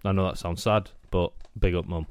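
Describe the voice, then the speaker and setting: A man's voice: deep voice, steady tone, a little fast, clear, resonant tone, dry recording. A man co-hosting a podcast in casual chat, joking, rambling and poking fun at himself. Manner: joking, rambling, self-mocking. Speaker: podcast co-host. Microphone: wearing headphones at a podcast mic.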